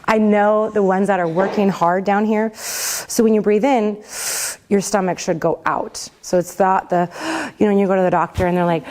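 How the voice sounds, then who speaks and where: A woman's voice: medium pitch, fairly even intonation, moderate pace, a little mellow, slight background noise. A woman, a worship pastor, teaching singers in a class, chatty and laughing often between rambling asides. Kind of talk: casual teaching talk. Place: classroom with a group.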